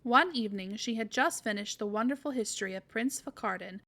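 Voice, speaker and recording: A woman storyteller reading a classic story aloud in a measured, expressive way. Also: fairly high pitch. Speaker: podcast storyteller.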